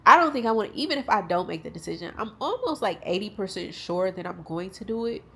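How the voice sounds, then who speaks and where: A woman's voice: medium pitch, expressive, fast, creaky, a bit bright, a little hiss or hum. A young woman talking to her viewers at home, tearful and rambling as she talks openly about grief. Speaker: vlogger. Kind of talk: casual vlog talk to camera.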